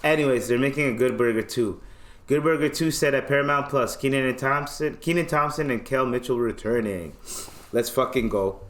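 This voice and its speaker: A man's voice: mid-range voice, fairly quick. A man from Canada hosting a podcast in casual chat, joking, slangy and self-mocking. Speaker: podcast host.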